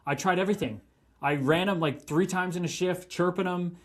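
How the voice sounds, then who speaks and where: A man, a former pro hockey player, telling profane, animated stories as a guest in casual podcast chat. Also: sits high, brisk.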